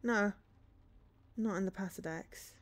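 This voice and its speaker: A woman's voice: medium pitch, unhurried. A woman streamer reading a story game aloud, with dry, sarcastic asides.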